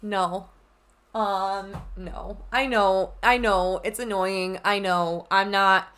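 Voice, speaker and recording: A woman's voice: mid-range voice, steady tone, slow pace, a bit bright, smooth. A young adult woman chatting casually in a makeup vlog, bubbly and gushing. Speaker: beauty vlogger.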